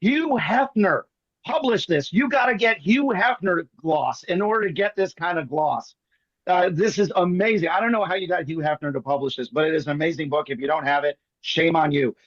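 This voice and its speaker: High-voiced joking magician. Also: male voice, lively intonation, no echo, dull audio. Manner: rapid joking storyteller, playful teasing. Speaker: magician performer. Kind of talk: comic patter on an online show.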